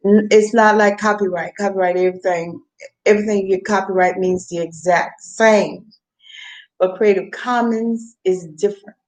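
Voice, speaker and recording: A woman's voice: mid-range voice, fairly even intonation, moderate pace, a little mellow. A woman vlogging in a meandering, casual monologue, repeating herself as her thoughts wander. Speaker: mukbang vlogger.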